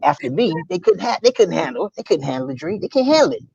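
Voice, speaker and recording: A man's voice: sits high, very animated, fast, gravelly, darkish tone, husky, lo-fi sound, pitched above the performer's own voice, full character voice. A man playing a brash, boastful hip hop artist. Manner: brash self-promoting swagger.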